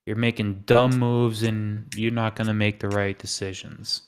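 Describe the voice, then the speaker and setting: A man's voice: lowish voice, unhurried, clean tone. A man hosting a live trading stream, talking casually and acting out panicked traders' thoughts. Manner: animated, acts out panicked inner voices.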